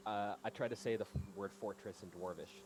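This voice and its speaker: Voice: sits low, fairly even intonation, brisk, a little mellow, slight background noise. A person playing a tabletop game, playful and laughing with the table. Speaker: player. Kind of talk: casual tabletop banter.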